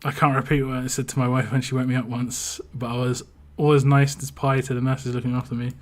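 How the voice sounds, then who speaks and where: An English man hosting a game livestream, telling rambling stories in a relaxed way, often restarting his sentences and chuckling. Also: mid-range voice, quick pace. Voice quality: big, laid-back presence. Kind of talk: casual stream chat.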